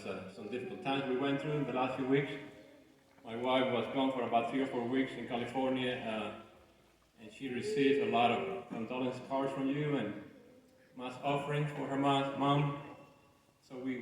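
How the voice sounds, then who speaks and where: Halting, joking man deacon preaching in a church. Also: mid-range voice, slight background noise. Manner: halting, with restarts and light jokes. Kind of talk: sermon. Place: large church. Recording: echoey church hall from far off.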